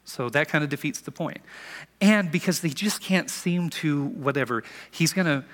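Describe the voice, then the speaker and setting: A middle-aged man, a pastor giving a conversational sermon with playful, animated storytelling. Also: on the high side, normal speed, big-room sound.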